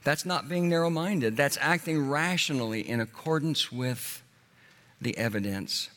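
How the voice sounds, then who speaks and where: Earnest man preaching in a reverberant hall. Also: a bit bright. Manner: earnest, slows and drops low on key words. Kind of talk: sermon.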